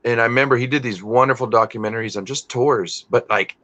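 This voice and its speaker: A man chats casually as he hosts a live stream, talking in loose, rambling runs that break off mid-thought and swearing without care. His voice is bright and forceful, and it comes through dull, lo-fi stream audio. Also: medium pitch, quick pace. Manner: rambling, self-interrupting, swears freely. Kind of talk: casual chat while working.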